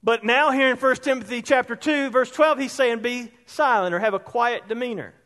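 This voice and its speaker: Male pastor, very high voice, chatty preaching style, long church-hall reverb. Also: moderate pace, fairly bright tone. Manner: conversational preaching, asks the congregation questions. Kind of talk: sermon. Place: church sanctuary.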